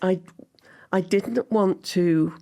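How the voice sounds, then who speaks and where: A woman's voice: fairly low pitch, slow, creaky, mellow. A woman in her seventies from Liverpool, a guest actress telling anecdotes in an interview and acting out her own past thoughts as she goes. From Liverpool, England. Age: 70s.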